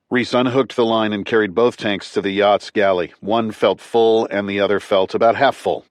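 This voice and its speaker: Low-voiced man narrating a thriller. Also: no room sound. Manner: tight, clipped, measured. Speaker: audiobook narrator.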